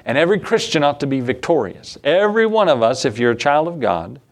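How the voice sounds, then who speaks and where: A man's voice: a little high, big pitch swings, a little fast. A man preaching a sermon as a pastor, in a conversational way, often asking the congregation rhetorical questions.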